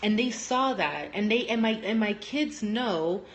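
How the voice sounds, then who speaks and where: A young woman who works as a teacher, talking casually on a phone live stream at home, telling lively stories and acting out what people said. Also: a little slow. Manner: animated storytelling, acting out quotes with big pitch jumps.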